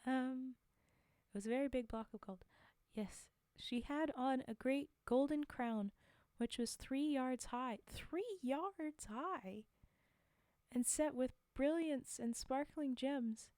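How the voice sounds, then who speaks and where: A woman's voice: high-pitched, unhurried, dark tone, clear, resonant tone, dry recording. A woman reading fairy tales aloud on a live stream, breaking off for chatty, laughing asides to her chat. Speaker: storyteller streamer.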